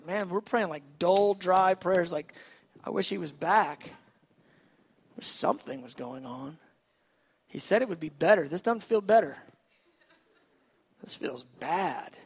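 A man preaching a sermon, animated, swinging between shouts and hushed, quiet lines. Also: high voice. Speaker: pastor.

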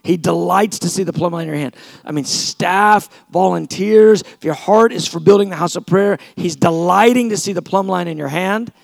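A man preaching a sermon, telling stories with lively back-and-forth dialogue and building to passionate exclamations. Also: moderate pace, creaky, few pauses, no echo. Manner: animated storytelling, acting out both sides of conversations; passionate, rising to shouts at high points.

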